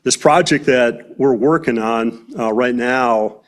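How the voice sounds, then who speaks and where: A man's voice: medium pitch, slow. A man, president of a forestry company, speaking plainly at a county board meeting with frequent hesitations. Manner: plain-spoken, many "uh" fillers.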